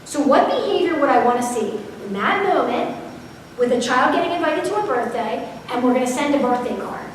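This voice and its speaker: A woman with a high, animated voice talks fairly quickly while presenting a parenting seminar. She chats through stories and asks the crowd questions in a conversational manner. The clip was recorded from far away in a large hall full of echo, and a faint hiss runs through it.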